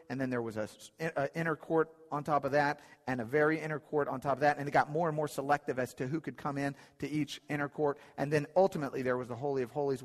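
A man preaching a sermon in an earnest, emphatic way, often repeating his key phrases. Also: medium pitch. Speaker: pastor. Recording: long hall reverb.

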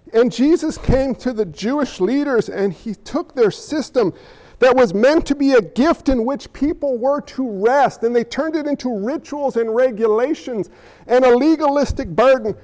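A pastor preaching a sermon in a conversational style, firing off rhetorical questions and pausing for effect. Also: male voice, very high voice, lively intonation, darkish tone, highs cut off. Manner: conversational, asks rhetorical questions, dramatic pauses. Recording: long reverb in a large hall.

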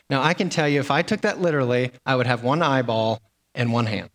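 A man's voice: medium pitch, a little fast, a bit bright, long reverb tail. A man delivering a sermon as pastor, in a conversational way with fillers and repeated words.

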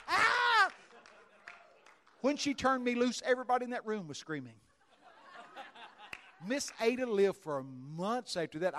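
A male Baptist preacher, telling folksy stories in a sermon and breaking into sudden loud bursts. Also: fairly high pitch. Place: church.

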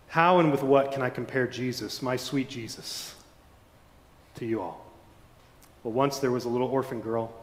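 A male pastor preaching a sermon in a church, dramatic and shifting between fervent and hushed. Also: medium pitch. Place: church sanctuary. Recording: echoey church hall.

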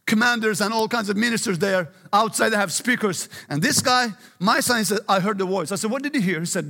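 A man's voice: high-pitched, brisk, gravelly, few pauses, sharp tone, long reverb tail. A middle-aged male pastor preaching an emphatic sermon, often urging listen and praise God.

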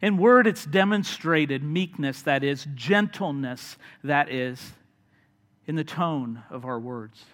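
A man preaching a sermon in an earnest manner, sometimes turning lively as he retells a story. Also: a little high, slow, long reverb tail. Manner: earnest, builds to animated storytelling with acted voices.

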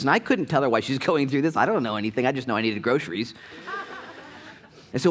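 Male pastor, middle-aged, sermon, conversational, lively swings in pitch and volume. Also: fast talker, pauses often. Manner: animated storytelling with sudden rises in pitch and volume; conversational, addresses the congregation directly.

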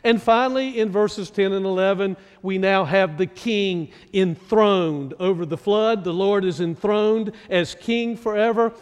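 A male pastor from North Carolina preaching a sermon, slow and deliberate, asking his listeners many questions. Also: high-pitched, clear, resonant tone, long reverb tail.

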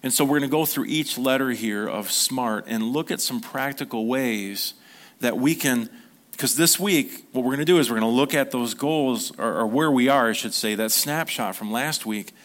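Speaking at a medium pitch with a touch of brightness, a middle-aged pastor delivers a relaxed sermon to his flock. He keeps it conversational, acts out little quotes, and restarts sentences often.

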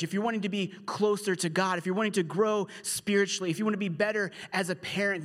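High-voiced pastor in an echoey hall. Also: male voice, a bit bright. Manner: conversational storytelling with humorous asides. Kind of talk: sermon.

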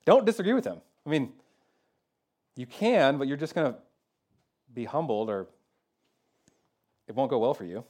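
A man preaching a sermon as pastor, talking casually with lots of "like" and "kinda," moving between loud emphatic peaks and quiet, low passages. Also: expressive, normal speed, long pauses. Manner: conversational preaching with fillers like "kinda" and "like".

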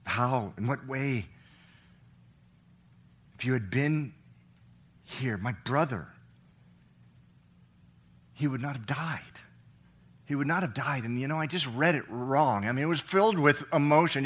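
Bright-voiced man preaching a sermon. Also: mid-range voice, measured pace, long pauses, husky. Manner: swings between loud emphatic preaching and hushed soft reading; asks the congregation questions. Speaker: pastor.

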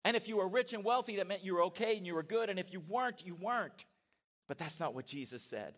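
A middle-aged man preaching a sermon in a church, animated and conversational, with asides to his congregation. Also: high voice, quick pace. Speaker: pastor. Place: church sanctuary.

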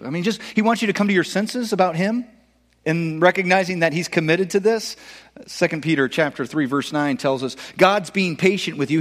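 A man preaching a sermon earnestly, building to emphatic peaks and easing into soft, low endings. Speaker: pastor. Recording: long hall reverb.

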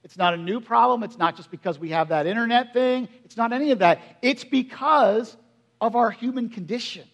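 With an extremely high voice and a fairly quick delivery, this man in his forties preaches like a pastor chatting with his flock, often asking them questions. When the moment turns emotional, he lowers his voice to a near whisper.

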